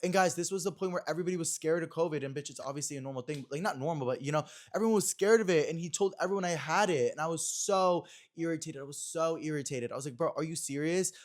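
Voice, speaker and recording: A man's voice: on the high side, fast talker, few pauses. A young man hosting a podcast in a small room, chatting casually and acting out quotes as he retells a story. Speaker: podcast host.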